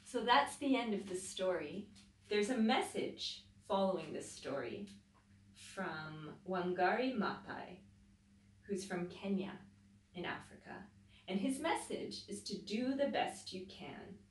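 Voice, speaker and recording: A woman teacher reading a picture book aloud to children, pausing to explain things as she goes. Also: mid-range voice, a little hiss or hum. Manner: slow, expressive storytelling with explanatory asides. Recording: roomy echo, voice from a distance.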